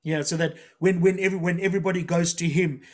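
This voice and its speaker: A man hosting a casual interview, telling stories in an animated, jokey way. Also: high voice, quick pace. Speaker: podcast host.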